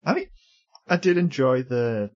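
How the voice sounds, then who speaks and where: A man's voice: medium pitch, expressive, a little slow. A man co-hosting a podcast, reviewing episodes in wry, chatty talk and laughing often. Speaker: podcast co-host. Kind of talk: casual episode review chat. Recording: dull lo-fi podcast audio.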